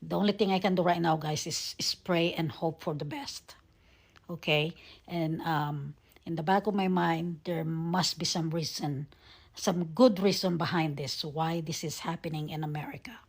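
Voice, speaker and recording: A woman talking casually to her viewers, earnest and emotional, halting often with fillers and sometimes dropping to a soft whisper. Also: lowish voice, fairly even intonation, gravelly, husky. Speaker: vlogger. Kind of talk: casual talk to camera.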